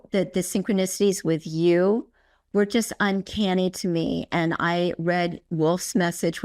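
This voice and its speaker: A woman hosting a podcast interview, talking in an effusive, storytelling way and acting out her own past remarks. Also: fairly low pitch. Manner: effusive, tells stories with quoted inner speech. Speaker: podcast host. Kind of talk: casual conversational interview.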